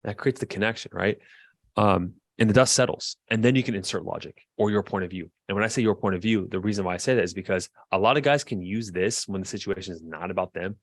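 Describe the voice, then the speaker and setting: Man, marriage coach, lowish voice, dry close sound, animated, chatty fillers. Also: fast, dry recording. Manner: lively, acts out quoted voices, chuckles often; conversational, frequent fillers like "like" and "right". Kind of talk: coaching lesson to camera.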